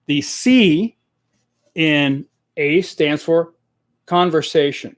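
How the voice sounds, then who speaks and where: A man coaching salespeople in a live stream, talking straight into a desk microphone in a direct, energetic way and repeating his key points. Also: on the high side, drawn-out words, no echo.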